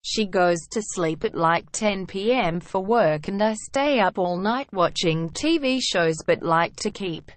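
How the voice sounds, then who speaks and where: A woman reading online stories aloud in an even, steady narration, saying "quote" and hashtags as she reads them. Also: on the low side, no room sound.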